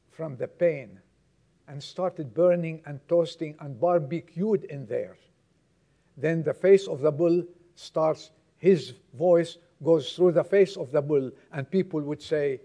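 A male pastor delivers a sermon at a slow, deliberate pace with a gravelly edge in his voice. He is pitched a little above most men and swings from hushed storytelling to loud calls to the church. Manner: preaching with dramatic storytelling, swings between loud exhortation and hushed tones.

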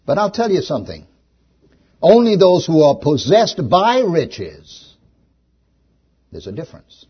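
A man preaching a sermon as pastor, animated, swinging between loud emphasis and hushed questions. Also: on the high side, measured pace, breathy edge, muffled recording.

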